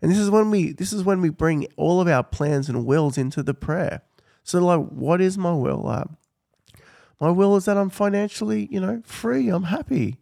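A man's voice: sits high, normal speed, vocal fry, mellow, no echo, clean studio sound. A man, hosting a podcast in a casual, earnest teaching style and laughing often. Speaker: podcast host.

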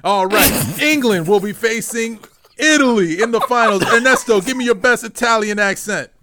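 A man co-hosting a podcast in casual chat, excitable and loose, swearing and tripping over names. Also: high-pitched, normal speed. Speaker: podcast co-host.

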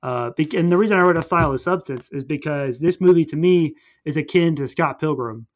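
A young man casually recapping a movie plot in a rambling, animated way, jumping into quick voices for the characters. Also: on the high side.

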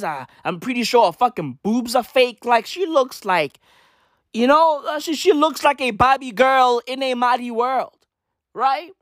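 Woman doing a sweary slangy rant, kinda high voice, talks slow, dry sound. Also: no room sound. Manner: repetitive slang fillers, swearing, emphatic. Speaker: commentator. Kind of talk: profane slangy commentary rant.

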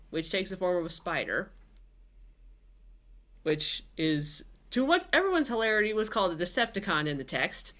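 A woman podcast host reading a novel aloud, with chatty asides and filler words. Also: mid-range voice. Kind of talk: casual storybook reading.

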